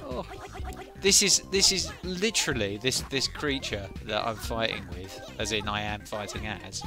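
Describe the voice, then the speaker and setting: A man's voice: lowish voice, a little slow. A man streaming a video game live, rambling and self-mocking in casual commentary. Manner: rambling, self-mocking, bursts into silly voices. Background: game music.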